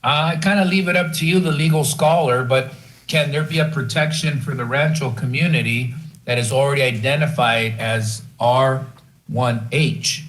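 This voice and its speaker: A man on a city council, politely asking halting, informal questions at a meeting. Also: medium pitch, a bit bright, low-quality recording.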